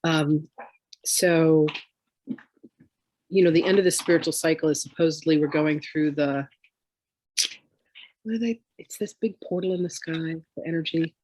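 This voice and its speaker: A woman's voice: low-pitched, normal speed, pauses often, a little mellow, dry recording. A woman spiritual teacher in a casual chat, telling rambling, chatty stories.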